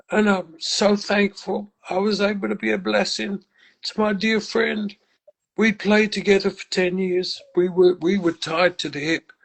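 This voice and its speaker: A man's voice: high voice, gravelly, low-quality recording. An older man from England, a musician guest telling stories in a casual interview, reflective and full of restarts. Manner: reflective, warm faith talk with many restarts.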